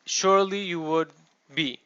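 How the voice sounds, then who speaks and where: This Arabic teacher has a high, bright, smooth voice with a forceful tone, and he keeps a measured pace. He explains his lesson step by step and checks in with the class. The recording is a dull, dry classroom capture without any room sound.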